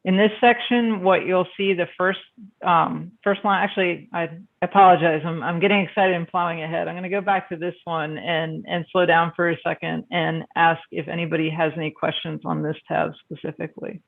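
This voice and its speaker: Man, somewhat high, gravelly, presenting a form to colleagues on a call; halting, full of "um" and restarts; thin phone-like audio. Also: flat delivery. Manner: halting, many fillers and restarts. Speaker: meeting presenter. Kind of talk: walking through a spreadsheet on a video call. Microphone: video call. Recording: phone-like band-limited video call audio.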